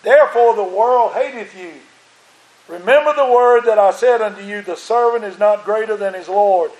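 Sitting high and a little mellow, this male pastor's voice keeps a normal speed as he preaches. His sermon features emphatic repetition and a strained tone, captured in an echoey church sanctuary.

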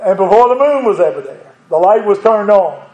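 A male preacher with a drawl and a high, light voice delivers a sermon in an echoing sanctuary. He moves from tender and reflective to fervent and rousing, chuckling now and then. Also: lively intonation, moderate pace, darkish tone, lo-fi sound.

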